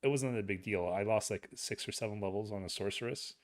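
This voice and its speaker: A man co-hosting a casual gaming podcast, talking in a halting, sarcastic way. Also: lowish voice. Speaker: podcast co-host. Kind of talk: casual chat.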